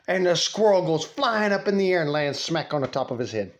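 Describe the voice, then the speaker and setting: A man's voice: a little high, very animated, fairly quick, few pauses. A man casually telling a rambling, profane story from his childhood, laughing as he goes.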